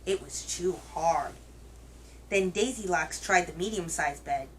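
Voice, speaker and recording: A woman hosting a children's reading show, telling a picture book aloud in a gentle, expressive way. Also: on the low side, measured pace, slight background noise, low-quality recording. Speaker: children's story reader, host.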